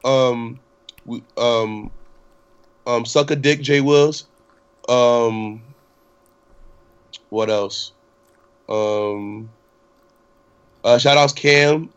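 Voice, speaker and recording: A man's voice: mid-range voice, fairly even intonation, extremely slow, pauses often, clean tone, dull audio. A young man hosting a casual podcast, rambling and profane, with many fillers and restarts. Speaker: podcast host.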